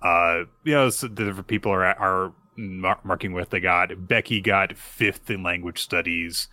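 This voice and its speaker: A man co-hosting a podcast, recapping manga chapters in casual chat, who often jumps into a high voice to act out characters' lines. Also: normal speed, pushed and bright, no echo. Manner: restarts and fillers. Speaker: podcast co-host.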